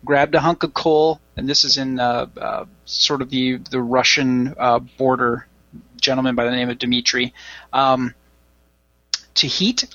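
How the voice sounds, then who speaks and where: A man co-hosting a casual podcast, telling a story in a rambling way with many pauses. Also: mid-range voice, flat delivery, sharp tone, no room sound, dull audio. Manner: rambling storyteller, halting with fillers. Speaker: podcast co-host.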